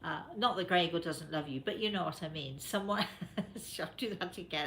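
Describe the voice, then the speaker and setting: A woman's voice: fairly low pitch, brisk, a bit bright, a little hiss or hum. A woman from England with a British accent, hosting a talk show in a chatty way, addressing listeners directly with many fillers. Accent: British English. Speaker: host. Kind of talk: casual radio show talk.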